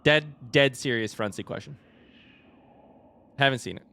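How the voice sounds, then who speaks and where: A man streaming a video game, commentating live with excitable yelps and repeated chants, with game music under him. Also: medium pitch, normal speed, gravelly, smooth. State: out of breath.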